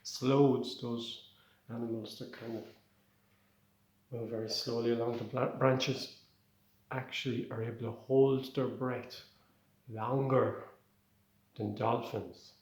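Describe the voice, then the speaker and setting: A man's voice: mid-range voice, level tone, slow pace, long pauses, darkish tone, echoey room. An Irish man doing a rambling, conversational stand-up set. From Ireland. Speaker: stand-up comedian.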